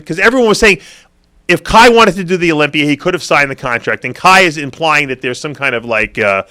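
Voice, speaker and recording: A man's voice: on the high side, animated, brisk, bright, forceful tone. A man co-hosting a talk show, telling stories in a rambling, casual way. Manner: rambling, many fillers and restarts, chuckles along. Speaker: podcast co-host. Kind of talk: casual opinionated chat.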